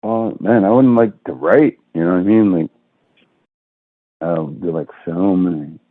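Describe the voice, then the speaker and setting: Deep-voiced man over a tinny call line. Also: a little slow, dry recording. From Leech Lake, Minnesota. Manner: easygoing, rambling with fillers. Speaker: guest comedian. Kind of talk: casual interview chat.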